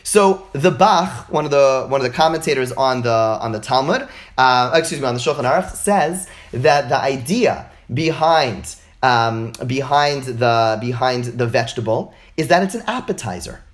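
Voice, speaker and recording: A man teaching religious texts in an informal lecture over a video call, animated and full of rhetorical questions. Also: medium pitch, moderate pace. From United States.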